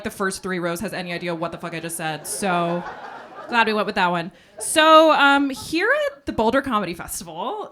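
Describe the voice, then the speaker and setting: A woman doing a live stand-up set on stage, with sardonic, quick, crude asides. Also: medium pitch, sharp tone. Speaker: stand-up comedian. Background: backing track music.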